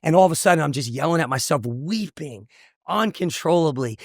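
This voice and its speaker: A man's voice: fairly high pitch, animated, brisk, no echo, studio quality. A man, a motivational speaker, telling an emotional personal testimony in an intense, earnest way. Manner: intense, earnest storytelling with repetitions.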